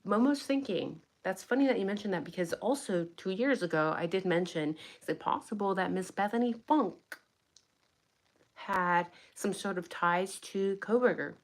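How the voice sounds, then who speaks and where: A woman's voice: medium pitch, moderate pace. A young adult woman giving blunt, sarcastic true crime commentary in a casual livestream, swearing freely.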